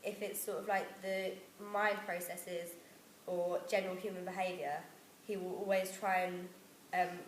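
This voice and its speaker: A woman with a rather low voice presents to her class and pauses often on fillers. The room is echoey, with a faint hiss behind her. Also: flat delivery. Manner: hesitant, with many fillers. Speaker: student presenter.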